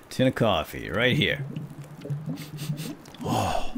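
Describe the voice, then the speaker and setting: A middle-aged man chatting excitedly through his own gameplay as a let's-play commentator. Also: low voice, unhurried, vocal fry, pauses often, slight background noise. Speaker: gaming YouTuber.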